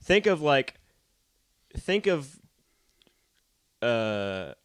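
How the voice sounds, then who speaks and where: A young man co-hosting a podcast, joking in casual chat with quick asides and stammering restarts. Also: medium pitch, very animated, clean tone, dry recording. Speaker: podcast co-host.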